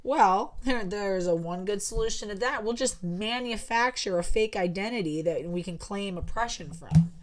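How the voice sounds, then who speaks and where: A woman's voice: mid-range voice, normal speed, hardly any pauses. A woman giving casual, sarcastic commentary while reading posts aloud, drawling and laughing often. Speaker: online commentator.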